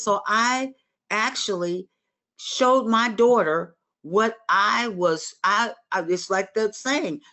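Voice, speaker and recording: A woman's voice: medium pitch, fairly bright tone. A woman in her sixties teaching a Bible study in an earnest, motherly, conversational way, speaking straight to her listeners.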